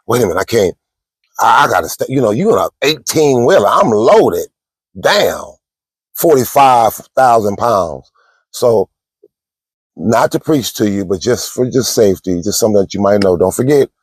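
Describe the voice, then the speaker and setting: A low-pitched man talks casually into a close phone mic from a parked truck. He tells stories and gives trucking advice in a chatty way, calling his viewers y'all. The sound is dry, with no room echo. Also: a little mellow. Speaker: truck driver.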